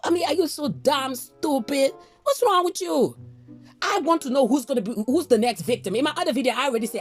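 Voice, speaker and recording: High-voiced outspoken woman vlogger. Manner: outspoken, indignant, exclaims "Lord have mercy". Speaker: commentary vlogger. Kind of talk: ranting gossip commentary.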